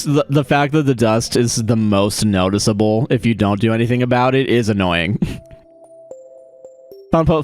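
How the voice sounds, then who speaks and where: A young man casually chatting on a live stream, ranting with a lot of swearing and laughing at his own jokes. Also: medium pitch. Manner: profane, ranting, self-mocking, laughs often.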